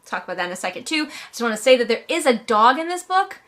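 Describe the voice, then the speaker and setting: A woman with a fairly high voice gives a casual spoken book review, close to the mic. She is animated and leaps up in pitch to stress her points. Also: fast. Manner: animated, jumping up in pitch for emphasis.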